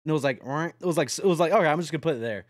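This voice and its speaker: Young male streamer, high-pitched, dry close mic, rambling and profane, excitable late-night chatter. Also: rapid-fire, no room sound. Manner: rambling, excitable, swears a lot.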